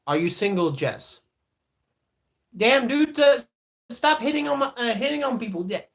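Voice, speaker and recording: A man's voice: extremely high pitch, animated, normal speed, gravelly, a bit bright. A man, streaming live in casual chat, joking and teasing viewers as he reads their messages aloud. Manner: many fillers and restarts.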